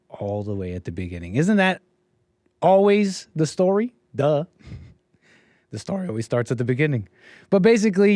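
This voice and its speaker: A man's voice: medium pitch, dark tone, dry recording. A man hosting his own livestream, talking in a rambling, sarcastic way with restarts and laughs. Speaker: streamer and show host. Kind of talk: casual livestream monologue.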